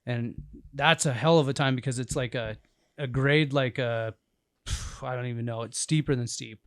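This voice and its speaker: A man co-hosting a podcast, telling a hunting story in a rambling, animated way and laughing often. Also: mid-range voice, moderate pace, dry recording, studio quality. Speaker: podcast co-host and bear hunter. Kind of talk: casual storytelling chat. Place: indoors in a cabin.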